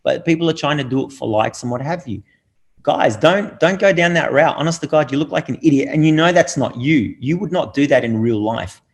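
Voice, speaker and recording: A man's voice: on the high side, brisk. A middle-aged man holds forth in a casual podcast conversation. He talks bluntly and preachily and swears freely. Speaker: podcast guest.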